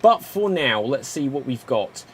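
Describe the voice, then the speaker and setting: A man's voice: mid-range voice, sing-song, a little slow, a little hiss or hum. A man hosting an improv comedy game, upbeat and calling on players by name. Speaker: improv host.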